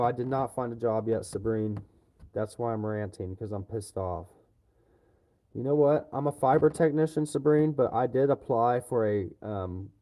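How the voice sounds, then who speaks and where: A man ranting profanely and loudly to his livestream viewers. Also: mid-range voice. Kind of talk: livestream rant.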